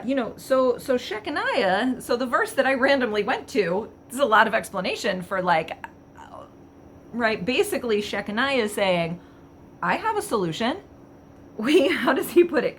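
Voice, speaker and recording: A woman's voice: a little high, very animated, normal speed, fairly bright tone. Woman, casual vlog commentary, wry and chatty, faint background noise. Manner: wry, chatty, laughs at the text. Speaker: vlogger.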